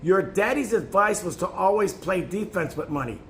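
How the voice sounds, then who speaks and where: A man's voice: high-pitched, expressive, normal speed, a bit bright, slight background noise. A man reading a self-help booklet aloud in an emphatic tone, now and then stumbling and restarting a phrase. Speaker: narrator.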